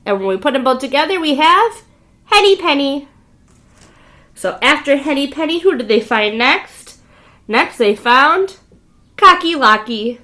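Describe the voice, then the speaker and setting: A woman's voice: sits high, very animated, takes it slowly, bright, forceful tone. A woman preschool teacher reading a storybook aloud to young children, asking them questions and spelling out letters.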